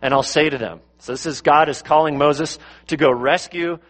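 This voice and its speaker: A male pastor delivering a sermon, swinging between louder, higher bursts and low, quiet passages, with lots of rhetorical questions. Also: moderate pace. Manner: rises and drops in pitch and loudness for emphasis, asks rhetorical questions.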